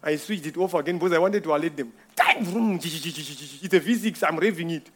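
A man's voice: on the high side, normal speed, fairly bright tone, a little hiss or hum. A man giving an informal church testimony, telling a rambling story with frequent chuckles.

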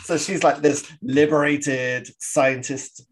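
A man's voice: a little high, flat delivery, slow pace, a little hiss or hum. Chatty man, laughing podcast co-host. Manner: chatty, laughs often, acts out quoted lines. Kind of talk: casual film discussion.

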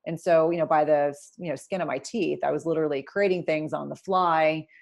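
A middle-aged woman, a nurse practitioner turned entrepreneur, telling her story in an interview in a candid, animated way with many restarts and asides. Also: sits low, brisk, creaky.

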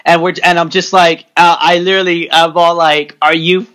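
A man with a high-pitched voice talks animatedly about reality TV. He swears freely and often slips into impressions of the people he's describing, with bursts of exasperated energy. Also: moderate pace, crowd noise. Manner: excitable, profane, mimics people. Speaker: podcast co-host. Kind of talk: casual chat about reality TV.

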